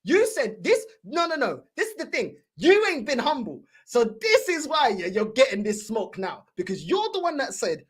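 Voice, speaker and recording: Animated mocking woman. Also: high-pitched. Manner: mocking, teasing, rapid-fire banter with slang. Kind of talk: heated fan debate.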